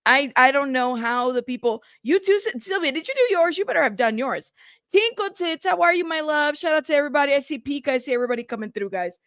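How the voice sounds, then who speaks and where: Uma mulher apresentando uma live casual, conversando com o chat de forma tagarela, recomeçando frases, cansada e frustrada. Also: female voice, high voice, expressive, quick pace, fairly bright tone, no room sound, studio quality. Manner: chatty, greets chat by name, rambling restarts. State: tired and frustrated. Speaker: livestream host.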